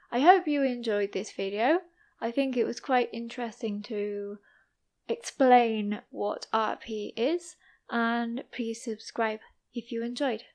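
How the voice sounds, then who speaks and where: A young woman with an East Midlands English accent, giving a careful, slow English listening lesson as a podcast host. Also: a little high, darkish tone. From East Midlands, England. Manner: careful, deliberate pronunciation. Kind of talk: slow, clear teaching monologue for English learners.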